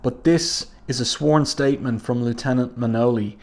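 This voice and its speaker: A man's voice: medium pitch, fairly even intonation, normal speed, darkish tone, lightly acted. A man reading as a curt, dismissive lawyer. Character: gruff older male lawyer with an odd accent.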